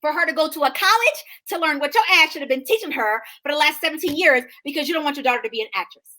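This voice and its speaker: A woman in her thirties co-hosting a podcast, telling an animated, sassy story in casual chat and acting out the people in it. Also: high voice, fast, slight background noise. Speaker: podcast co-host.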